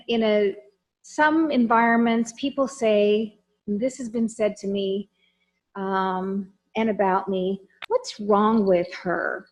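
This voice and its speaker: Woman trainer, a bit high-voiced, frank and emphatic, chatty lecture that keeps asking the room questions. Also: poor audio. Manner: lively, talks straight to the audience with questions.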